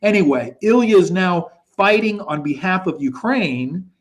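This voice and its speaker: A man's voice: high-pitched, lively intonation, measured pace. A man hosting a live online show, chatty and thinking aloud while he handles technical hiccups. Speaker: show host. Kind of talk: casual live-stream hosting. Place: Poland. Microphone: video call.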